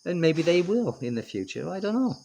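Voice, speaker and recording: A man's voice: fairly high pitch, very animated, fairly quick, vocal fry, darkish tone. A middle-aged British man vlogging in a casual, opinionated way, rambling with lots of fillers and restarts. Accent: British English. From United Kingdom. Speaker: expat vlogger. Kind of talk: casual chat to camera.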